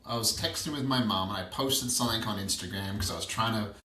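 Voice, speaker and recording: A low-voiced man in his thirties speaks candidly as a podcast guest, sharing stories and pressing questions again and again. He sits back from the mic, and the room rings around him. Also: fast talker, sharp tone. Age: 30s. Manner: reflective, storytelling, repeats questions for emphasis. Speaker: transformational coach, guest. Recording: roomy, distant from the mic.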